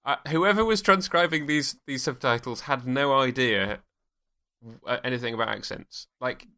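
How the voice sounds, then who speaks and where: In a casual podcast conversation about a TV episode, a man co-hosting keeps laughing and restarting his thoughts. His mid-range voice is bright and forceful, delivered at a normal speed.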